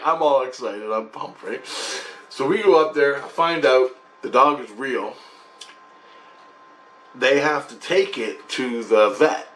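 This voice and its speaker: A man who hosts his own channel, casually retelling a dream in a rambling, halting way full of restarts. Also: lowish voice, a bit bright. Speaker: channel host sharing spiritual experiences. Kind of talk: casual spoken recounting of a dream.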